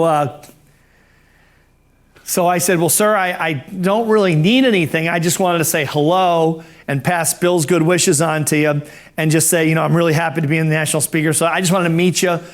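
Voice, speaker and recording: High-voiced man telling an animated story. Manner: animated, acts out dialogue, self-amused. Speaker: professional speaker. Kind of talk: personal storytelling.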